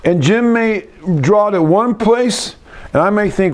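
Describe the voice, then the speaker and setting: A middle-aged pastor giving a conversational sermon, with frequent restarts and asides. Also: male voice, high voice, a little slow.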